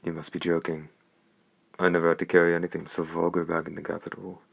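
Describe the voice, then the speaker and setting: A man with a very deep voice voicing a haughty, spoiled young noblewoman who talks in an imperious, scornful way. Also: monotone, fast, vocal fry, dry recording. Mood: indignant.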